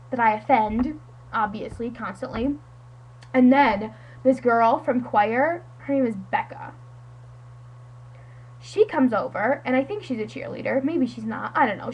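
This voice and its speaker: A woman's voice: sits high, breathy edge, muffled recording. A teenage girl from the United States telling a friend a story in a casual, dramatic, self-mocking way, full of "like". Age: teens. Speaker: vlogger.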